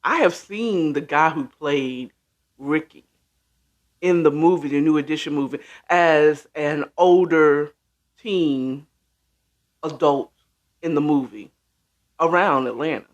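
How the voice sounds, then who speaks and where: A man's voice: a little high, slow pace, pauses often. A middle-aged man from the Washington, D.C. area hosting a casual livestream chat, rambling and talking straight to his viewers with plenty of ums. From Washington, D.C. area (born in D.C., raised in Maryland). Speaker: host.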